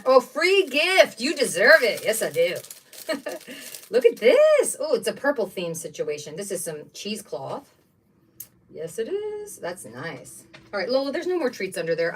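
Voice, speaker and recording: A middle-aged woman hosting a craft livestream, chatting in a rambling, excitable way while she unpacks supplies at home. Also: mid-range voice, recorded from a distance. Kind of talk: casual chat while unboxing craft supplies.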